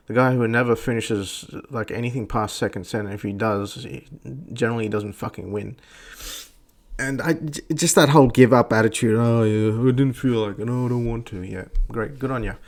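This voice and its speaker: Aussie bloke ranting on a podcast, gravelly voice, crude and sarcastic, swears a lot. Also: male voice, fairly low pitch. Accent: Australian. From Australia. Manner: crude, profane and sarcastic, acting out others in mocking voices. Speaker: podcast host. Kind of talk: casual rant.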